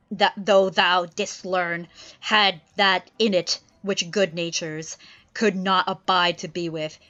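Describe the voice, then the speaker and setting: A woman voicing a stern, angry old male sorcerer, declaiming Shakespearean verse slowly and loudly. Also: fairly low pitch. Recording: slightly dull lo-fi stream, faint music.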